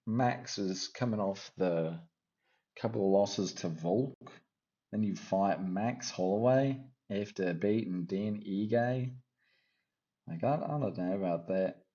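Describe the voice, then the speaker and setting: Man, fight-picks host, casual, jokey, rambling, low voice, muffled lo-fi sound. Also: slow pace, warm tone. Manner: jokey, rambling, teasing asides. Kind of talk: casual fight-prediction chat.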